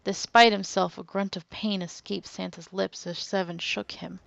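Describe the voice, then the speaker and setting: A woman hosting a let's play, reading the game's text aloud in a measured way with lively asides, on a dull, dry recording. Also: mid-range voice, vocal fry, no echo.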